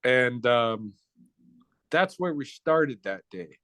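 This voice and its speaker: A man's voice: mid-range voice, expressive, takes it slowly, fairly bright tone, dry recording. A man being interviewed, telling a story in casual speech, blunt and profane with slang.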